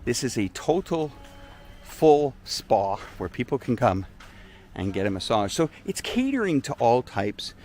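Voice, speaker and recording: Chatty man touring a beach resort. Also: medium pitch. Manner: chatty, animated storytelling. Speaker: vlogger host. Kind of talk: live-stream tour commentary.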